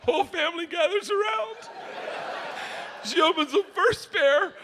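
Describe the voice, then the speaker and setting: A man performing a stand-up comedy set on a club stage, telling loud, rowdy stories with shouted bursts into a handheld mic. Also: very high-pitched, a little slow. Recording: noisy live club recording.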